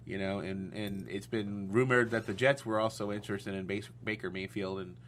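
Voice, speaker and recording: Man, lowish voice, hesitant casual sports chat, faint hum in background. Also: fairly even intonation, moderate pace, fairly bright tone. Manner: hesitant, searches for names with fillers. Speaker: podcast co-host.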